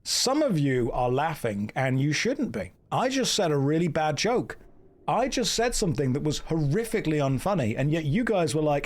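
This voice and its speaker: Fairly quick and sing-song, his voice on the high side, an English gamer in his thirties banters with viewers during a live stream. He riffs, jokes, and drops into mock accents.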